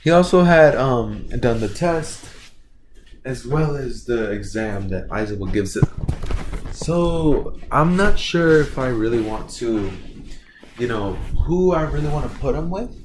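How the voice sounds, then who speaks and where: A man's voice: medium pitch, lively intonation, measured pace, slight background noise. A young man telling a fan-fiction story off the cuff on his small channel, rambling with lots of fillers and self-corrections. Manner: rambling, filler-heavy, loose and offhand. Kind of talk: casual improvised fan-fiction narration.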